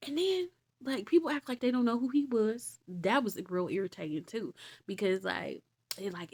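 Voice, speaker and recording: Animated, slangy woman storyteller. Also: a little high, normal speed, breathy edge. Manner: animated, slangy, exasperated asides. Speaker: vlogger retelling Bible stories. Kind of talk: casual storytelling.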